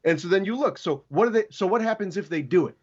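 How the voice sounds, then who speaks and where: A man talking as a legal expert guest on a podcast, sarcastic and animated, acting out quotes as he explains. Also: sits high, fast, muffled recording. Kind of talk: casual podcast discussion.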